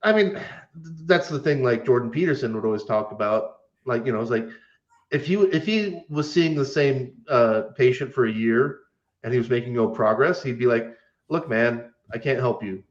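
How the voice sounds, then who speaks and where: A man's voice: mid-range voice, moderate pace. Blunt profane man, lo-fi sound. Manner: blunt, profane storytelling with acted-out quotes. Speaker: podcast co-host. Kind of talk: casual chat.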